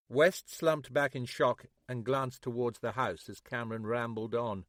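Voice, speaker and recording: A man narrating a mystery audiobook in a steady, measured way. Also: medium pitch, dry recording, clean studio sound. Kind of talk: scripted narration.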